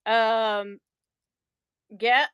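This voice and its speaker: A woman's voice: fairly high pitch, fairly even intonation, extremely slow, fairly bright tone, clean tone. A middle-aged woman chatting casually on her livestream, rambling and exasperated as she talks to her viewers. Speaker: livestream host.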